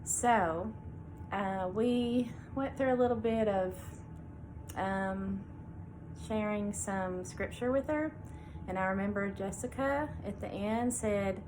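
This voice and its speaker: A middle-aged woman speaks in an easy, conversational way, pausing on fillers as she shares a story and reads scripture aloud. Her voice sits at a middle pitch. A faint hiss of room noise lies under the recording. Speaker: veterinarian and show host. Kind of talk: casual devotional talk.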